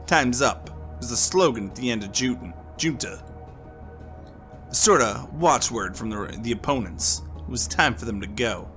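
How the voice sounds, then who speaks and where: A man's voice: mid-range voice, expressive, a little slow, a bit bright, faint music behind, pitched above the performer's own voice. A man voicing a streetwise informant who talks brusquely and with emphasis. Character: shady male informant, pushy and streetwise.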